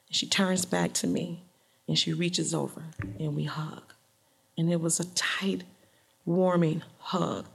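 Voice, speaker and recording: A middle-aged woman from Detroit telling a personal story to an audience in a lively, colloquial way. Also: on the low side, vocal fry, breathy edge.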